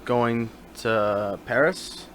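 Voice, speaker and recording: A man's voice: mid-range voice, extremely slow, a little hiss or hum. Mumbly laid-back young man. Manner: laid-back, rambling, trailing off quietly. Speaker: podcast co-host. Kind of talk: casual chat. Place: small room, smoking cigars. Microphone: sitting back from the desk mic.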